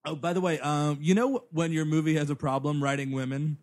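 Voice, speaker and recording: A man's voice: on the high side, fairly even intonation, a little fast, a little mellow. A man co-hosting a comedy movie podcast, recapping plot points wryly with lots of "like". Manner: wry plot recaps with filler "like". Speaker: podcast co-host. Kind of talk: casual comedy podcast banter.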